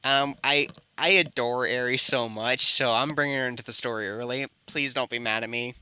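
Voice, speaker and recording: A man's voice: medium pitch, steady tone, moderate pace, bright, forceful tone, smooth, no room sound. A man improvising a fan-fiction story, rambling and often correcting himself. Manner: rambling, with frequent self-corrections. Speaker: storyteller and channel host.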